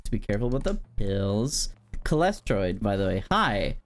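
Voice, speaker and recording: Animated, giggly game streamer. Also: low voice, moderate pace, slight background noise. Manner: animated, giggly, chats to viewers directly. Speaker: streamer playing a horror game. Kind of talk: casual livestream chat with viewers.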